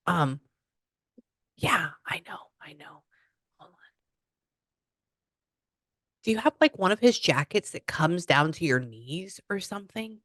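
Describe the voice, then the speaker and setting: This spiritual medium speaks on the low side, a little slowly and with long pauses, in a dry recording. She chats through a reading, quoting messages as she relays them and shifting between hushed murmurs and excited exclamations.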